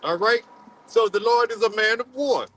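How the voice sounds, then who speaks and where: A man preaching a sermon in a halting, repetitive way, full of fillers, and calling on another man to read scripture aloud. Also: sits high, bright, forceful tone, low-quality recording. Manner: halting, repeats words, many fillers, calls on a reader. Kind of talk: street-style sermon with scripture reading.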